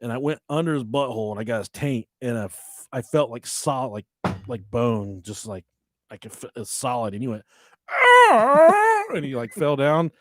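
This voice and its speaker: A man in his thirties, co-hosting a podcast, telling stories in a lively, profane way. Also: medium pitch, a little fast, dry recording. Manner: animated, profane, acts out voices in stories. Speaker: podcast co-host. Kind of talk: casual storytelling chat.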